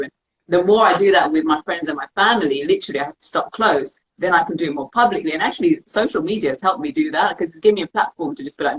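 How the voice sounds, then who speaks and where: A woman's voice: low-pitched, fast, slight background noise. A young woman, talking candidly as an interview guest and acting out her own thoughts. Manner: candid, animated, acts out quoted thoughts. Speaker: interview guest, dance practitioner. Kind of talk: casual conversation. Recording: dull lo-fi sound.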